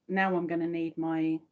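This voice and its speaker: A woman's voice: sits low, darkish tone. A woman hosting a crochet livestream, chatting casually with viewers and murmuring her stitch counts while she works. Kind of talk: casual chat to a live audience while crocheting.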